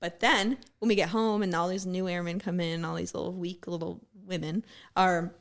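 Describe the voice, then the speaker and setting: A woman's voice: fairly low pitch, steady tone, normal speed. A woman, a former military gunner, telling blunt, profane stories in a casual podcast chat. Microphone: studio podcast mic.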